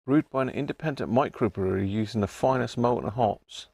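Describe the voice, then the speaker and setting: Gravelly bloke chatting on his live stream, reads stuff out, laughs a bit. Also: mid-range voice, a little fast, darkish tone, dry recording. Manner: chatty, chuckling, reads labels aloud. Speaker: livestream host. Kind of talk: casual live-stream chat.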